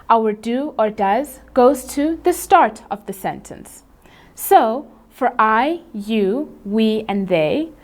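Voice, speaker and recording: A woman teaching an English grammar lesson, explaining rules in a clear, measured way and reading out example sentences slowly and carefully. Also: on the high side, darkish tone.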